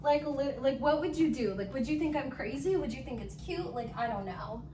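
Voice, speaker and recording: A very noisy recording captures a young woman's high-pitched, animated voice, moving a little fast. She's vlogging indoors at home as she builds furniture, chatting in a giddy, rambling storytime style with many fillers and squeals.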